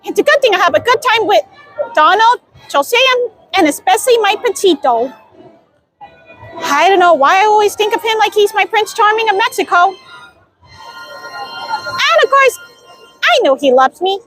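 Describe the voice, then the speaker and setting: Super high-pitched young woman vlogging, giggly and gushy, voice bouncing all over. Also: big pitch swings, normal speed, long pauses, a bit bright, faint music behind. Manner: giggly and gushing, with frequent laughs. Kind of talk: excited theme-park vlog chat. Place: outdoor theme park.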